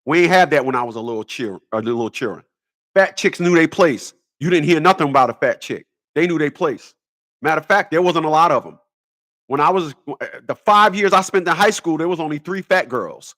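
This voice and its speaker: A man's voice: fairly high pitch, animated, a little fast, a bit bright. A man ranting in a rambling comedic monologue, stammering and repeating words as he goes. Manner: stammers and repeats words, laughs at own jokes. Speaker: vlogger.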